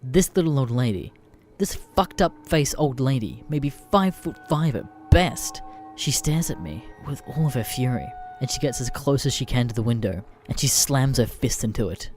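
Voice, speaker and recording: A man reads an internet horror story aloud. His delivery is deadpan and often profane, and his pitch swings a lot. Faint music plays underneath. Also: moderate pace. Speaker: narrator. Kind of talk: scripted narration of internet stories.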